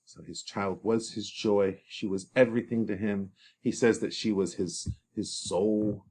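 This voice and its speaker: A man's voice: lowish voice, fairly even intonation, measured pace, a little mellow. A man teaching, explaining a play to students in a casual, chatty way. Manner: casual and chatty, with fillers and laughs.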